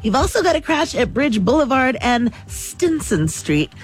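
A woman giving traffic reports on a radio show, brisk with wry little asides. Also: high voice, very animated. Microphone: studio microphone.

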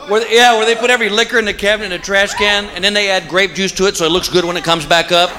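A man doing a stand-up comedy routine, telling stories and landing punchlines in an animated way. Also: sits high, racing, background noise. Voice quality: animated storyteller, punchline delivery. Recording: live club, loud audience. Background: crowd laughter.

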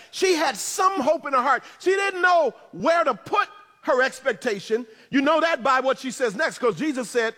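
A man preaching a sermon in a church, animated, with playful asides and shouted emphasis. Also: very high voice, normal speed, long reverb tail. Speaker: pastor.

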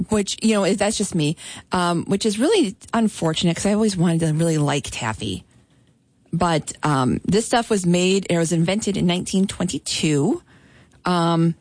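A woman's voice: lowish voice, dry recording. Playful female radio co-host. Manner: playful, teasing, frequent ums. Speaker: radio morning show co-host. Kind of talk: casual radio chat. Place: radio studio.

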